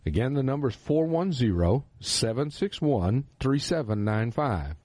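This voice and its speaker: A man with a Texan drawl teaches scripture on the radio, preaching earnestly and with emphasis. His voice swoops up and down with lively pitch, and its tone is warm and a little husky. The studio sound is close and dry. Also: normal speed, no echo. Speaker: radio Bible teacher and host.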